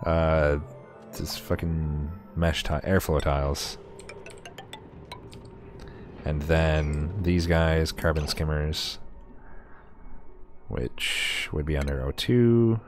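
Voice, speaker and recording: A man's voice: very deep voice, extremely slow, long pauses, soft background music. A man streamer giving casual gameplay commentary, chatty and sarcastic with himself, swearing often.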